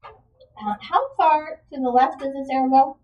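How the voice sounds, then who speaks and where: A woman teaches a math lesson in a classroom, asking the class questions and encouraging the students' answers. Her voice sits high and she speaks unhurriedly. She's far from the mic, and the recording sounds muffled.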